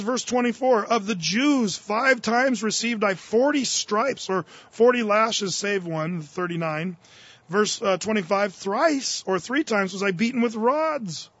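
A man's voice: high voice, a bit bright, dry recording, highs cut off. A man preaching a sermon, reading scripture aloud and then paraphrasing it in casual, fervent speech. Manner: fervent, rising in force on key verses. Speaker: pastor. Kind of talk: expository sermon.

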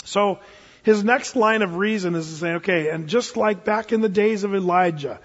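A man with a high, husky voice preaches to his congregation in a loose, joking way, now and then driving a point home with force. The sound is muffled and carries a long reverb from the church hall. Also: moderate pace. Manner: conversational, joking preaching with sudden emphatic bursts. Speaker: pastor. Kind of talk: sermon. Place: church sanctuary.

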